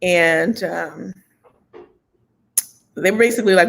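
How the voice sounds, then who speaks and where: A woman co-hosting a casual chat show, animated and quick to laugh, agreeing often. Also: mid-range voice. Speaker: podcast co-host.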